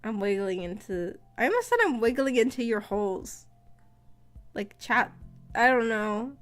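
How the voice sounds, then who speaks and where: A woman VTuber chatting casually on stream, rambling and often laughing, her voice slightly rough after being sick. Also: on the high side, animated, measured pace, soft background music. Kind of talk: casual live-stream chat.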